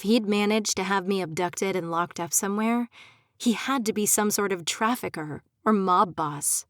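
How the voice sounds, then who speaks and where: A woman's voice: mid-range voice, normal speed, no echo, clean studio sound. A young adult woman narrating a first-person audiobook, emotive and turning pleading and desperate in her character's lines.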